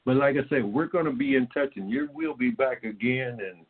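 A man's voice: medium pitch, fairly quick. A man from Indiana hosting a talk-radio show in a casual, rambling way, full of fillers. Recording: tinny phone-line sound.

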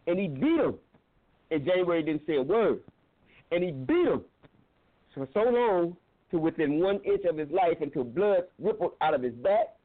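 A man giving an impassioned, preacherly talk on a talk show, telling a story and repeating phrases for emphasis. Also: on the high side. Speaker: guest, filmmaker. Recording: tinny phone-line audio.

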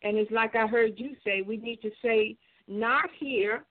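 A woman's voice: fairly high pitch, level tone. Older woman calling in on a tinny phone line. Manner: halting, many hesitations and restarts. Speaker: caller. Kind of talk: call-in radio commentary.

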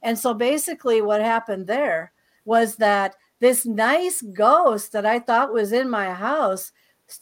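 A fairly high-pitched woman talks as a guest, recounting her own eerie experiences in a loose, chatty way. She is animated and breezy, often doubling back on her words mid-sentence. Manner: animated, breezy storyteller who repeats words as she goes. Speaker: guest author and paranormal experiencer. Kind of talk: casual storytelling interview.

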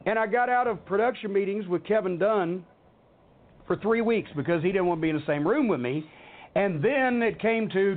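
Guy, middle-aged, cussing up a storm telling an old work story, kinda high voice, sounds like it's over a phone. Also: normal speed. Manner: heated, swearing, animated. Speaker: podcast host. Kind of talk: profane storytelling rant. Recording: tinny phone-like audio.

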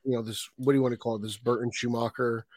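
A man co-hosting a casual film podcast, relaxed and chatty, laughing often. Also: mid-range voice, fast, dry recording. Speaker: podcast co-host.

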